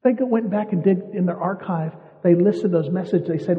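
A man's voice: sits high, moderate pace, hardly any pauses, soft background music. A man preaching a sermon, telling stories and repeating his points for emphasis. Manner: storytelling, emphatic repetition. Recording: muffled hall reverb.

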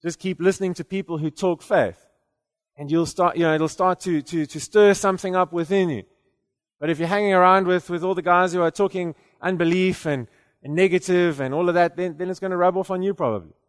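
A man's voice: sits high, fairly even intonation, fairly quick, in a large hall. A man preaching a sermon in a conversational way, often repeating words and then rising to emphatic declarations.

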